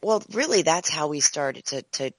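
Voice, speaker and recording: A woman chatting as a conference co-chair, high energy and excitable, often restarting and repeating words. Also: normal speed, no echo, rough recording. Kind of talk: casual conversation.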